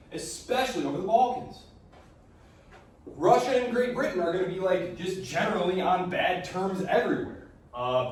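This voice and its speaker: A man's voice: medium pitch, a little hiss or hum. Casual man lecturing in an echoey hall. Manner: casual, joking, acts out countries in quick asides. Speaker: history lecturer. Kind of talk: classroom lecture. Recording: very echoey hall, recorded from a distance.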